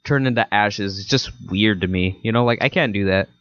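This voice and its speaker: A young man co-hosting a podcast in casual chat, lively and quick to laugh. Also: on the low side, no echo. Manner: lively, laughs easily, plays put-on voices. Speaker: podcast co-host. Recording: dry, dull lo-fi mic sound.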